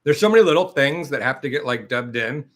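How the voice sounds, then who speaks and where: A man chats casually on a live stream, rambling, laughing, and acting out lines. His voice is bright and lively, with pitch that climbs and falls a great deal. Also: fast talker. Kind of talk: casual chat. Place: home in Los Angeles.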